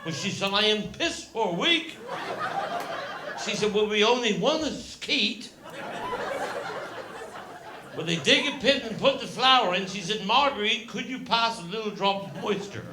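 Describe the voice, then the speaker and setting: A man's voice: sits high, lively intonation, unhurried, long pauses. A man with a Cornish accent telling rambling comic stories on stage, repeating himself with folksy asides. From Cornwall, England. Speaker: comedian. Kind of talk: rambling live stand-up storytelling. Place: live comedy venue with audience. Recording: echoey live venue with audience noise.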